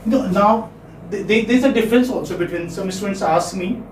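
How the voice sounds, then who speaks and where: A man's voice: sits high, a little fast, a little hiss or hum. A man teaching phonetics to a class, repeating words and asking checking questions. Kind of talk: classroom lecture. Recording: echoey classroom, mic far off.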